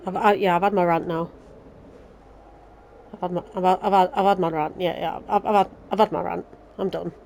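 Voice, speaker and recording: A woman's voice: fairly low pitch, steady tone, fairly quick, creaky, pauses often, darkish tone, slight background noise. A Yorkshire woman hosting a let's play, chatting sarcastically and ranting about the story. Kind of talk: casual game commentary.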